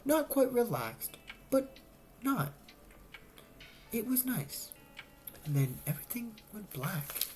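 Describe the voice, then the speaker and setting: Expressive woman reading a story aloud. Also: on the high side, slow, long pauses, soft background music. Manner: lively storytelling with voiced dialogue. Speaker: narrator reading a book aloud. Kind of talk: audiobook-style reading.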